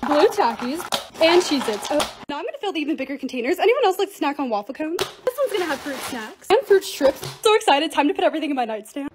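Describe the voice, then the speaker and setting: A woman's voice: high-pitched, sing-song, fast, background noise. A young woman in her twenties, a lifestyle vlogger, chatting over clips of herself organizing, bubbly and self-deprecating. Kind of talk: voice-over narration of organizing videos.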